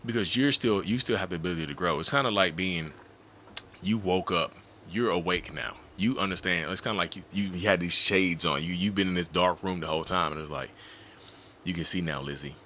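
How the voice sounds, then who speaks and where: Fast-talking, bright-voiced male coach. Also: low voice, a little hiss or hum. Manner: animated storyteller who acts out quoted voices; colloquial, repeats 'you know'. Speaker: narcissism and relationship coach. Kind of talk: casual interview talk.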